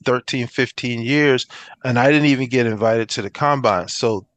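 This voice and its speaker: A man's voice: medium pitch, moderate pace, dry recording. A middle-aged man, a former pro football player, tells stories in a casual interview and acts out the dialogue he quotes. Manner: animated storyteller who acts out quoted dialogue.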